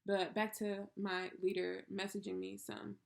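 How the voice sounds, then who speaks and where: A woman's voice: mid-range voice, flat delivery, measured pace, creaky. A young woman from the United States, telling a personal story in a casual vlog, candid and emphatic. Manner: candid and emphatic, with swears and laughs. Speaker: vlogger.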